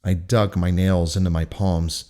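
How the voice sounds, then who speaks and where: Male narrator, first-person novel, intense, profane, somewhat low voice. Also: level tone, a little slow, dark tone. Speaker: audiobook narrator.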